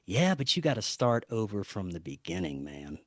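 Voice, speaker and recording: A man's voice: on the low side, very animated, moderate pace, a bit bright, no echo, studio quality, voice pushed down. A man putting on an eerie, stoic possessed friend. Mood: eerie flat.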